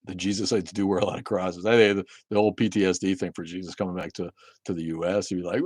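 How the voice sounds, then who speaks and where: Deep-voiced, profane, rambling man in his fifties. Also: steady tone, quick pace, darkish tone, no echo, clean studio sound. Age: 50s. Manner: profane, rambling, with many restarts. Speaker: livestream host. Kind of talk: casual livestream rant. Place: home in Maine.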